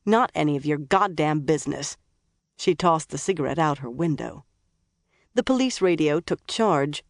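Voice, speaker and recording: An audiobook narrator reading a crime thriller in a steady, wry storytelling manner. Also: medium pitch, dry recording, clean studio sound. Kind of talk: scripted narration.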